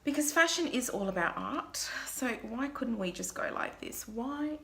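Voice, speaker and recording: A woman's voice: a little high, animated, normal speed, a bit bright. A young woman, a makeup artist, chatting to viewers through a makeup tutorial vlog in a self-mocking way.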